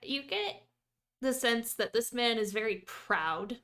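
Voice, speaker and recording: A woman running a tabletop game as dungeon master, narrating in a slow, deliberate way. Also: fairly high pitch, animated, a bit bright.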